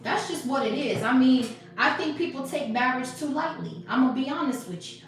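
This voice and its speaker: A woman's voice: high voice, lively intonation, a little fast, very echoey, recorded from a distance. A woman giving blunt, profane spiritual commentary as a tarot reader, acting out quoted conversations. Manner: blunt, profane, preachy, acts out quoted exchanges.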